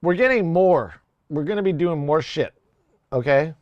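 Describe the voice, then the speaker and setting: A young man chats casually on a live music-production stream. He rambles, swears and laughs at his own jokes. His voice sits fairly high, and the sound is dry and close. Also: expressive, moderate pace, no room sound, muffled recording. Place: home studio.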